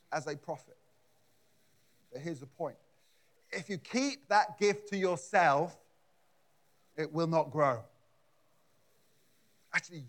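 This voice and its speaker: A man preaching a conversational sermon in a church, often repeating words and adding asides. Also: high-pitched. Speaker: pastor.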